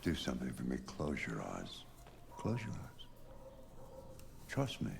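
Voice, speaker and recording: A gravelly old painter. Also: male voice, very deep voice, huge pitch swings, noisy background, exaggerated voice. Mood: reflective. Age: older. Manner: slow, reflective and encouraging. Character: old male painter, gentle mentor. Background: game music.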